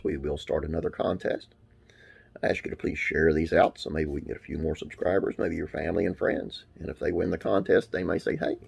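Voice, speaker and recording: A man's voice: sits low, vocal fry, a little mellow, breathy edge. A man hosting a classic TV trivia channel, reading an article aloud in a casual way with frequent "uh" fillers.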